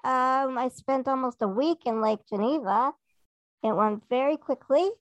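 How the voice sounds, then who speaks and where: A woman's voice: high-pitched, measured pace, dry recording. A woman co-hosting a podcast in casual chat, telling rambling stories and acting out what others said. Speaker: podcast co-host.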